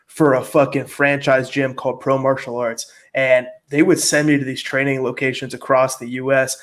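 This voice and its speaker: A man's voice: medium pitch, little pitch movement, moderate pace. Profane, laid-back male podcast host. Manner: casual, profane, frequent filler words. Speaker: jiu-jitsu gym owner and host. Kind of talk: casual podcast chat.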